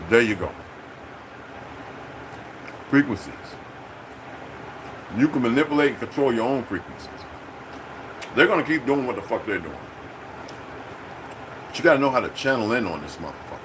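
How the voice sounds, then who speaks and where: A man's voice: mid-range voice, expressive, a little fast, pauses often, background noise. A middle-aged man hosting his own channel, ranting unscripted, profane and confrontational. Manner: mimics other people in quoted exchanges. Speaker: channel host. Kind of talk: unscripted political rant.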